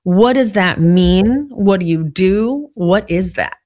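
A woman's voice: medium pitch, animated, slow pace, a little mellow, no echo, studio quality. A woman hosting an interview, asking curious follow-up questions. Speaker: podcast host. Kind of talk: casual interview conversation.

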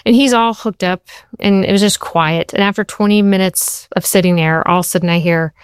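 A woman TV writer being interviewed, telling stories in an animated way and saying "like" often. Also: medium pitch, fairly quick, clear, resonant tone, no room sound, studio quality. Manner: animated storyteller, says "like" a lot. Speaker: TV writer and show creator, guest. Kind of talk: conversational interview.

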